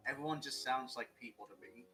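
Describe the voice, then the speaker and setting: A man's voice: mid-range voice, quick pace, pushed and bright, soft background music, poor audio. A young man chatting as a guest on a writing stream, rambling, joking and swearing freely. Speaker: guest writer. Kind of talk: casual chat.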